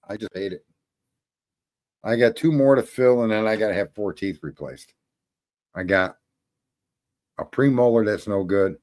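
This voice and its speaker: Rambling, swearing man ranting casually. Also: fairly low pitch. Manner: rambling, swears a lot, laughs at own jokes. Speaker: show host. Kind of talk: casual rant to viewers.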